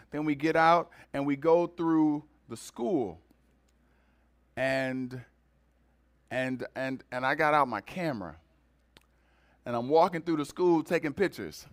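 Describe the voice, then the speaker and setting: A man's voice: mid-range voice, smooth. A man preaching a sermon to his congregation, talking in a conversational way and repeating words for emphasis. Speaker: pastor.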